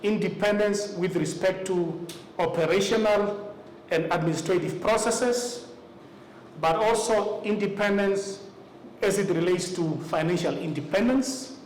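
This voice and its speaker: A Namibian man presenting to party representatives at a formal meeting, measured and deliberate, pausing often on "uh". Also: sits high, darkish tone. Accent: Namibian English. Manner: measured, deliberate delivery with frequent "uh" pauses. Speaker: electoral commission official presenting to party representatives. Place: meeting room. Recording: echoey room, faint ambient noise.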